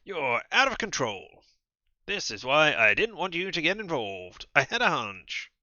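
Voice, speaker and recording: A man voicing a weary vampire sheriff who scolds in slow, measured words. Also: mid-range voice, very animated, bright, forceful tone, no room sound, highs cut off. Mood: scolding.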